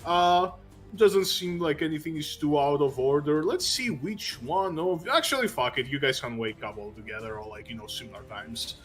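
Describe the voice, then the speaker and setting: A man's voice: a little high, normal speed, fairly bright tone, soft background music. A man running a tabletop game as game master, laughing often and rambling through his narration.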